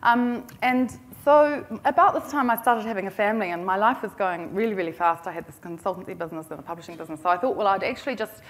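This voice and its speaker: A woman's voice: medium pitch, fast talker, hardly any pauses. A middle-aged woman with a New Zealand accent telling a business story at a conference in a chatty, self-deprecating, humorous way. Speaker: conference speaker.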